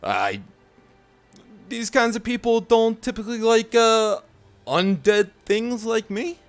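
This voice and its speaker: A man's voice: very high-pitched, animated, slow, faint music behind, voice pushed up, full character voice. A man doing a timid undead brain in a jar. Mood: wary. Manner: hesitant, wary.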